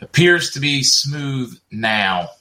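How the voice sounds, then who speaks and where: A man's voice: mid-range voice, animated, slow pace, sharp tone. A middle-aged man hosting a casual livestream, chatting and reading viewer comments aloud with frequent laughs. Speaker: livestream host.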